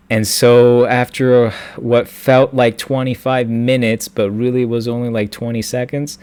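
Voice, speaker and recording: A man's voice: medium pitch, level tone, darkish tone. Young guy telling a story about his day, stops and restarts a lot, says like and uh a ton. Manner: halting, many restarts and fillers. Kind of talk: personal storytelling.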